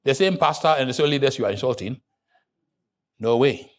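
A man preaching a sermon as pastor, moving between hushed asides and loud, high-pitched outbursts. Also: expressive, a little fast.

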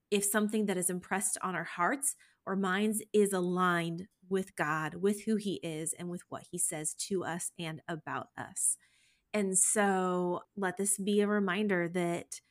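A woman hosting a faith podcast, encouraging her listeners and responding to her co-host. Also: mid-range voice. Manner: encouraging, warm-hearted exhortation.

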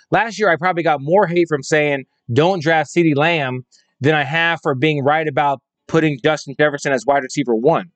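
A man talks football in a fired-up, opinionated way, hammering his points over and over. His voice sits a little high for a man. It is recorded dry and close, with no room sound. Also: no room sound. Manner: emphatic, repetitive, fired-up. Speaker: fantasy football podcaster. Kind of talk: opinionated solo commentary.

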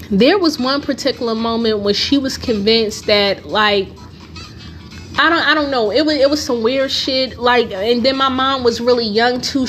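A woman's voice: on the high side, fairly bright tone. A woman hosting a podcast, telling a personal story in a casual, emphatic way, full of swearing and rhetorical questions. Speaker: podcast host.

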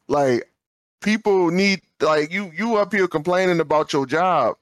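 Podcast co-host, male, somewhat high voice, animated storyteller who doubles up words when worked up, dry studio sound. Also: unhurried, no echo. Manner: animated storyteller, acts out quoted dialogue, repeats words when fired up. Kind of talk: casual storytelling chat.

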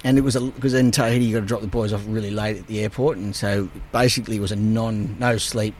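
A man, a guest telling surf stories in casual, animated talk full of swearing. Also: on the low side, fast, slight background noise. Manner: animated, swears a lot, relives moments with voices. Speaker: guest surfer. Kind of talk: casual storytelling.

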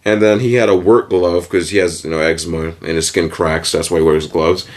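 A young man co-hosting a podcast in casual banter, clowning around, loud and animated, swearing freely. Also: low-pitched, brisk. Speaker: podcast co-host.

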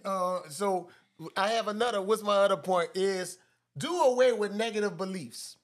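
A man's voice: sits high, moderate pace. A man giving marriage advice in a casual chat with his wife, laughing often, repeating himself and quoting scripture.

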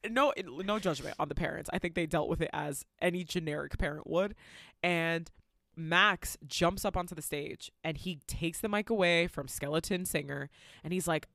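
A woman on a podcast tells a movie's plot in a loud, theatrical, profane way. Her voice swings high and low as she acts out scenes. The recording is close and dry. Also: moderate pace, no echo. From Latin American heritage. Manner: animated, profane, theatrical retelling. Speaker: podcast co-host. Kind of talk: casual movie recap chat.

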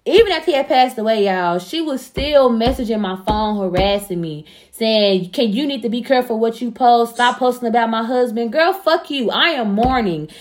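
Young woman, fairly high voice, casual chat, blunt and profane, animated storytelling. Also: moderate pace, few pauses. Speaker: podcast co-host telling a personal story.

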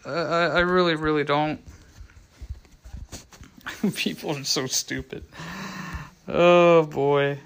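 A young man hosts a casual solo show in a slightly high voice, talking slowly and stopping often to restart. He rambles and sounds choked up, close to tears. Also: steady tone, creaky, fairly bright tone, smooth. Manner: rambling, halting, many restarts and fillers. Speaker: show host.

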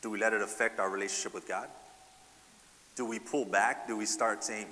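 A man's voice: fairly low pitch, steady tone, fairly quick, pushed and bright, big-room sound, slight background noise. A man preaching a sermon, asking the congregation rhetorical questions and often adding "right?". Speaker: pastor.

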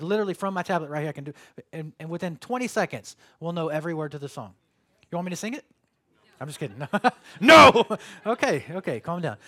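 A man's voice: high voice, fairly bright tone. A man, preaching a sermon in a conversational, joking way that rises to emphatic calls. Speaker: pastor.

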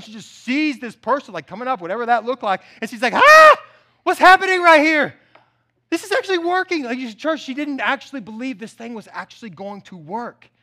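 A man preaching a sermon in an animated, conversational way, with asides to the congregation. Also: high-pitched. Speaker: pastor.

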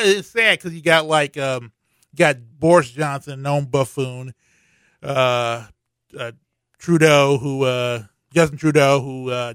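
Bright-voiced man riffing on the news. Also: fairly high pitch, smooth, no room sound, studio quality. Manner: profane, rambling, with many fillers. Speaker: comedian commenting on news. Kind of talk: comedic news commentary.

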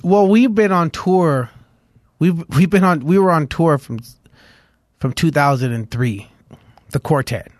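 Animated man telling stories, dry studio sound. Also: a little high, a little slow, pauses often, no room sound. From Los Angeles. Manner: animated storyteller, heavy on "like", hums tunes aloud. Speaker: guest musician. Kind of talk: casual interview chat.

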